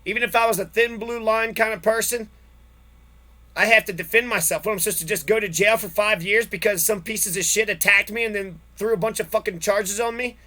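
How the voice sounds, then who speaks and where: Brisk and sharp, this man's high-pitched voice stays fairly even in intonation while he rages. What he delivers is a long, angry account of his own story, heavy on profanity and repetition.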